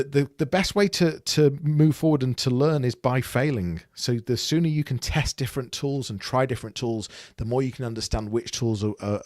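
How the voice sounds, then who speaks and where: A man's voice: medium pitch, a little mellow, no echo, studio quality. A man co-hosting a business podcast, talking casually with frequent restarts and repeated words. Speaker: podcast co-host.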